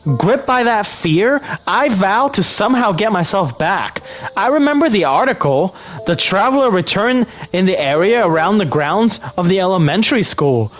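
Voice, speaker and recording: A man's voice: high-pitched, expressive, moderate pace, low-quality recording. A man voicing an anxious young woman lost in a strange world, reading game text in a put-on Valley Girl accent with rising, upswinging lines.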